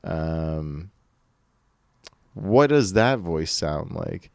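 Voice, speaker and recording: A man chatting on a podcast with a dry, teasing manner. His voice is low and smooth. The room sounds dead and close. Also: measured pace, no echo. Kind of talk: casual chat.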